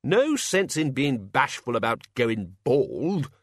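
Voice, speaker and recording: A bluff, hearty old wizard in charge, put on by a male reader in an audiobook. He booms slowly and bluntly, with big swoops of pitch. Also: very animated, dry recording, exaggerated voice.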